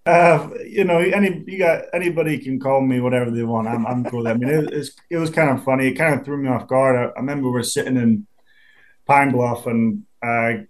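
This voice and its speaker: A man's voice: mid-range voice, fairly quick. A young man with a Scottish accent, a football punter in a casual interview, easygoing and often repeating words as he thinks. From Scotland.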